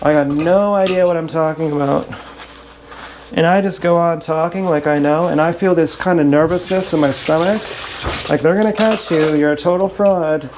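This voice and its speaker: A woman with a fairly low voice rambles through an improvised livestream monologue. She is blunt and sarcastic and often mocks herself, with a faint hiss under the action-camera mic. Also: moderate pace, a little mellow. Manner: sarcastic, self-mocking, blunt; wandering, half-improvised talk.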